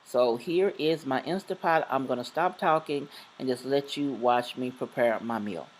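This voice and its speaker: A woman's voice: extremely low pitch, moderate pace, slight background noise, low-quality recording. A woman hosting her home cooking vlog, chatting through her ingredients in a plain show-and-tell way. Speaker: cooking channel host. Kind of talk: casual cooking vlog narration.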